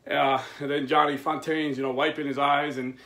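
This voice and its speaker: A plain-spoken man in his fifties with a voice pitched a bit above the usual for men. He preaches in a relaxed, conversational way, with the everyday phrasing of a working man. He tells his stories with lively energy and chuckles along the way. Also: moderate pace. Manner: animated storyteller, chuckles while telling stories. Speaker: Catholic men's video host. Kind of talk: casual preaching monologue.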